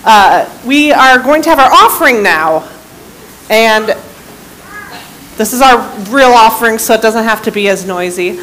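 Brief: friendly woman pastor, headset mic, a clearly noisy room behind. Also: on the high side, lively intonation, unhurried, fairly bright tone. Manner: friendly, chatty, laughing asides. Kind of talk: casual church announcements.

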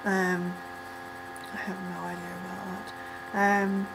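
A young woman casually reacting to a music video, rambling with lots of ums and likes and breaking into excited squeals. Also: medium pitch, slow, creaky, background noise.

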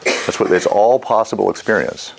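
A man's voice: fairly low pitch, moderate pace, creaky, breathy edge. A middle-aged man teaching a mindfulness class in a casual, rambling way, often quizzing his students. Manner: rambling, animated, asks the class questions.

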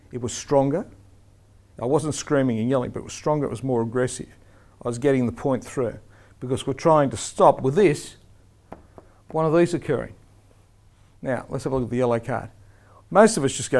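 A man giving an instructional lecture to referees, speaking emphatically and demonstrating the firm and soft tones a referee should use. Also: mid-range voice, lively intonation, normal speed, long pauses.

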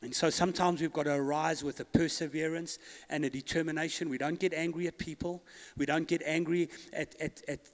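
High-voiced preaching man in a reverberant hall. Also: fairly even intonation, fairly quick. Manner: call-and-response preaching, rising to loud declarations. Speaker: pastor. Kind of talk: sermon. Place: church hall. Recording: long church hall reverb.

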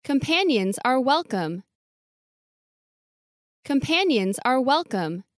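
Slow, high-voiced woman reading English drills. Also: big pitch swings, no room sound, clean studio sound. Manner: reads each short sentence twice. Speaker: English lesson reader. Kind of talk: slow, clear sentence reading for repetition.

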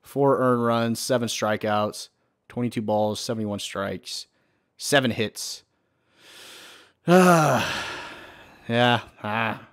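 Young man, casual gameplay commentary, swears a lot, mid pitch, talks to the screen. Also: slow, long pauses, a bit bright, no echo, clean studio sound. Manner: chatty, swears often, talks to himself and the game. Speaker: gaming channel host.

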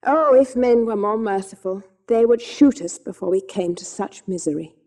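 A woman narrating an audiobook of a classic children's novel in a measured, gentle reading. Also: medium pitch. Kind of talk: scripted storybook narration.

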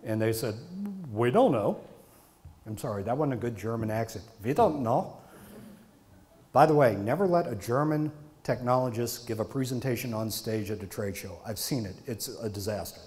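A man's voice: on the low side, brisk, a little mellow. A middle-aged man, a marketing consultant, lecturing a live audience in an emphatic way and stacking repeated phrases for stress.

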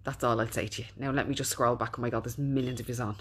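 A woman's voice: rumbling low, steady tone, fast talker, a little hiss or hum. Chatty Irish woman on a live stream. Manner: chatty and warm, reading out viewer comments. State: recovering from being unwell. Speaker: business owner hosting a Facebook live. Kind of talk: casual live-stream chat.

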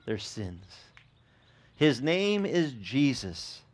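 Male pastor, mid-pitched, chatty animated sermon with audience questions and repeated restarts. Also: extremely slow. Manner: animated, asks the congregation questions. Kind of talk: conversational sermon.

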